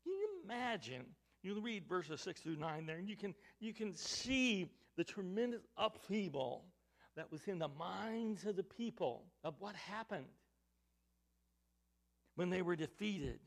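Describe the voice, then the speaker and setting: A man preaching a sermon, firing rhetorical questions and swinging between loud emphatic lines and hushed ones. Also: sits high, animated, measured pace, gravelly.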